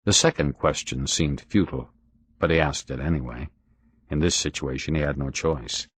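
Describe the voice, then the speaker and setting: A man narrating an audiobook in a steady, expressive reading. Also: very deep voice, moderate pace, husky, dry recording. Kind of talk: audiobook narration of a crime novel.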